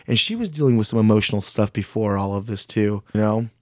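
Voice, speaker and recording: A man's voice: on the low side, fast talker, darkish tone, no room sound, clean studio sound. A man telling a long story in casual chat, blunt and frank, swearing often and rambling, and openly critical of himself. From Mexican heritage.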